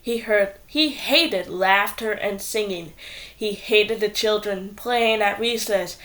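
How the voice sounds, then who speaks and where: A woman reading a children's book aloud in a playful, expressive way. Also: mid-range voice, slow. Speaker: storyteller.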